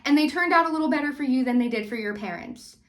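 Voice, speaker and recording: A young woman vlogs a casual reality TV recap in a slightly high voice. She talks loosely, stacking fillers like "like" and "you know", and gets heated as she rants about the episode. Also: lively intonation, fast talker. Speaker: recap vlogger.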